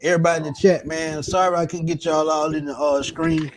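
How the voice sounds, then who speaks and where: A man hosting a sports fan show, signing off in a relaxed, drawling way and thanking viewers. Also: on the high side, a little fast, slight background noise. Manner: laid-back, drawling, says man a lot. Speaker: podcast host. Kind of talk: casual sports talk wrap-up.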